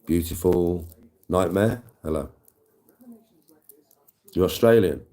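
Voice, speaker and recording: A man's voice: low-pitched, a little slow, pauses often, warm tone. A man, chatting casually on a live stream, swearing freely and greeting viewers. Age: 40s. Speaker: livestreamer.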